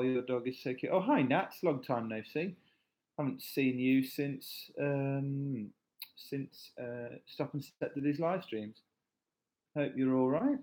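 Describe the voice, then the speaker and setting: A man's voice: medium pitch, darkish tone, low-quality recording. A man chatting casually on a live stream, reading viewer comments aloud and joking back. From England.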